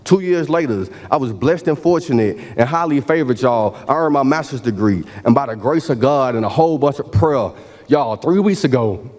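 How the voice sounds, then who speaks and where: A man with a mid-range, slightly mellow voice and lively intonation speaks at a moderate pace. As keynote speaker at a university ceremony in a large hall, he gives a preacherly, motivational talk built on call-and-response, often repeating "y'all."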